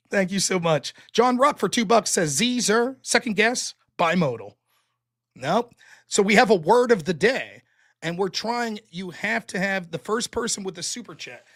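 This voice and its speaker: A man hosting a livestream, casually reading out donor messages and reacting to each with quick thanks and banter. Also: sits high, a bit bright. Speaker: show host reading Super Chats.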